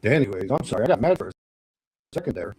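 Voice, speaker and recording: A young man hosting a livestream from a dark bedroom, talking to his chat in a rambling, profane rant that flares into angry outbursts. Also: fairly low pitch, big pitch swings, fast, slightly rough, low-quality recording. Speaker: livestream host. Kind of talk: casual ranting talk to chat.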